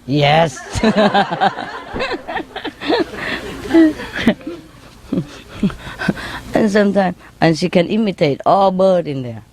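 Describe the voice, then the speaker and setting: In a low-quality recording, a woman with a lowish, mellow voice shares informal anecdotes with an audience as a spiritual teacher. Her English is non-native in grammar and sprinkled with "you know," and she laughs frequently and mimics her birds' calls.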